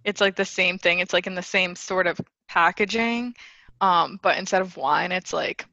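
Young woman with a gravelly dry voice. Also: lowish voice, moderate pace, bright, forceful tone, dry recording, highs cut off. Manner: casual, swears freely, says "like" a lot. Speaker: podcast co-host. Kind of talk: casual chat.

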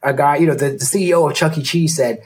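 A man's voice: fairly high pitch, fast, a little mellow, slightly rough. A man hosting an interview show, chatting casually, acting out quotes and laughing easily. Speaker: show host.

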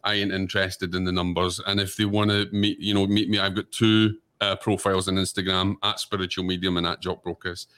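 A deep-voiced man who works as a spiritual medium, talking as a guest on a talk show. He speaks earnestly and often stumbles over repeated words. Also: little pitch movement, a little fast, few pauses, a bit bright, clean tone. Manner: earnest, repeats words while searching for them. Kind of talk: casual interview talk.

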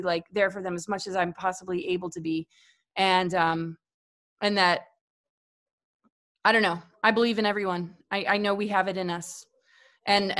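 A woman with a fairly high voice talks about spirituality in a casual, earnest way. She rambles, restarts sentences and repeats words as she goes, speaking as a guest in a conversation. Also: a bit bright.

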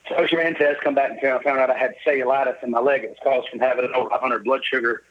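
A man's voice: mid-range voice, fairly even intonation, quick pace, narrow, tinny audio, slight background noise. A middle-aged man, telling his life story as a guest in a casual interview. He is upbeat and jovial and acts out the lines of the people he quotes. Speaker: podcast guest.

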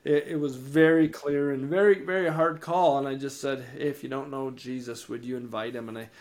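A man, podcast co-host and ministry founder, telling a faith testimony with lively rises in energy and frequent word repeats. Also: brisk. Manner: animated, rises in pitch and energy when excited; repeats words and restarts sentences. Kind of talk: storytelling testimony in an interview.

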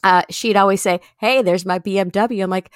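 A woman co-hosting a comedy podcast, telling a story in a casual, animated way and often jumping into high, excited bursts. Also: a little fast, no room sound, studio quality. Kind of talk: casual chat, telling stories.

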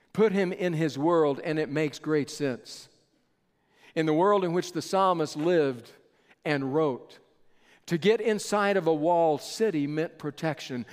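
A man preaching a sermon in a church, slow and deliberate with dramatic pauses. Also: fairly high pitch. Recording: long reverb of a large hall.

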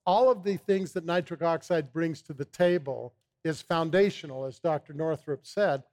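A man's voice: on the high side, moderate pace, darkish tone. A man, a guest on a talk show, eagerly explaining a supplement, often repeating his first words. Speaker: supplement company founder, guest.

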